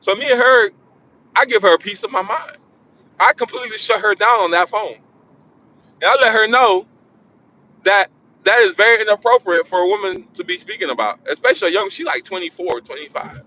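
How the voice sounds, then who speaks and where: A man casually telling a personal story in an animated way, repeating phrases for emphasis. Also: high-pitched, brisk. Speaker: vlogger. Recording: dull lo-fi sound.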